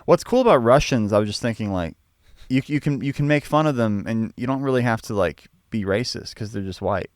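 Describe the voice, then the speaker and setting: A man's voice: medium pitch, fairly quick, no room sound, studio quality. A man co-hosting a podcast, chatting casually with a hesitant, joking manner and many restarts. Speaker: podcast co-host.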